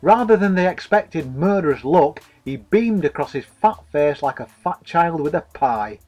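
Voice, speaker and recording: A man's voice: fairly high pitch, expressive, moderate pace, darkish tone, soft background music, poor audio. A man narrating a comic story in a dry, wordy, mock-formal way.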